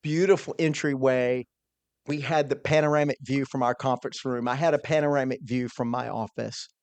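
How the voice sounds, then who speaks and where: A man telling an earnest, animated personal story as a podcast guest, quoting his own thoughts along the way. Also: mid-range voice, brisk, clear, resonant tone, no room sound. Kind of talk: storytelling in a conversation.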